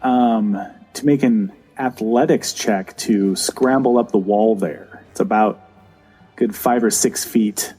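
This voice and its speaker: Mellow-voiced male dungeon master. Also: takes it slowly, breathy edge, soft background music, poor audio. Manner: describes scenes with fillers, drops to a low voice for villains. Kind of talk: narrating a tabletop game.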